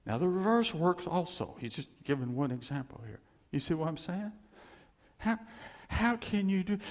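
A man preaching a sermon as pastor, animated and full of rhetorical questions, sometimes acting out God's voice. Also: mid-range voice, measured pace, vocal fry. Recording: long hall reverb.

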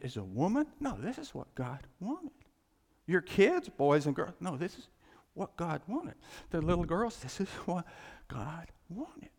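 A man preaching a sermon, animated and excitable, with chuckles and many restarts. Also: a little high. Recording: long hall reverb.

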